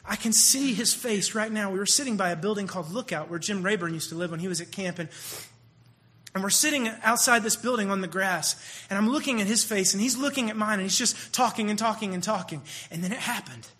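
Animated, bright-voiced preacher man. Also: sits high, a little fast. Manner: animated, swings between hushed and loud. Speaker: youth minister. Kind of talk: sermon storytelling.

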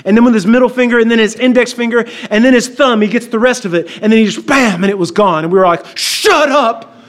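A man with a fairly high voice delivers a sermon. He opens in a soft, slow prayer and then tells a story, acting out the dialogue with energy. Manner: animated storyteller, acts out dialogue. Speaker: pastor.

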